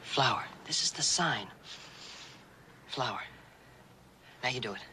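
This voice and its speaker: An actor playing an earnest young cowboy who patiently teaches a deaf girl sign language, gently coaxing in a 1960s western TV drama. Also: medium pitch, lively intonation, unhurried. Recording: noisy vintage TV soundtrack.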